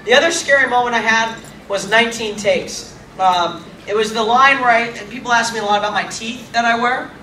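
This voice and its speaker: A man, an actor guest, tells an animated anecdote to a live audience, laughing often and acting out what people said. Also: very high-pitched, fairly quick. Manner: lively storyteller, laughing often, acting out quotes. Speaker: actor guest on a convention stage. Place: large convention hall. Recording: echoey hall from far off with faint noise.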